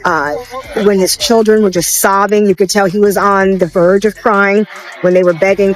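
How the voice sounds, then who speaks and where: A woman's voice: mid-range voice, steady tone, normal speed, low-quality recording. A woman reporting from the courtroom in an unscripted, hesitant way, with many fillers and restarts. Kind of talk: live news report. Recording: with music behind.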